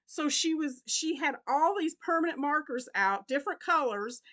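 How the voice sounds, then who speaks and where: A woman's voice: sits high, lively intonation, normal speed, a bit bright. A middle-aged woman chatting casually while unboxing gifts in a crafting vlog, often breaking into helpless laughter. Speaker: crochet vlogger.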